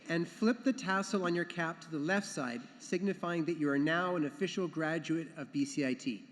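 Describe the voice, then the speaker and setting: A man's voice: a little high, moderate pace, a bit bright, a little hiss or hum. Man giving a speech in an echoing hall. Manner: earnest, repeats himself when unscripted. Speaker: education council chair at a graduation. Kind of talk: ceremony speech. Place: large hall. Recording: long hall reverb.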